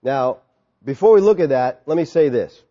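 Animated male preacher in an echoing church. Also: mid-range voice, normal speed. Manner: animated, acts out quotes, jokes with congregation. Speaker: pastor. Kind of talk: sermon. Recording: dull sound with long hall reverb.

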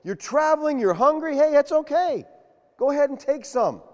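A man preaching a sermon, animated and quizzing his congregation with questions. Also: very high-pitched, moderate pace, dull audio. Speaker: pastor. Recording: long reverb of a large hall.

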